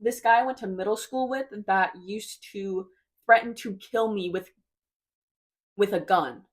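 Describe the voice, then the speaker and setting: A woman's voice: medium pitch, measured pace. A woman in her twenties talking casually to her viewers, rambling and hesitant, often trailing off with "I don't know.". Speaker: vlogger. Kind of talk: casual confessional chat.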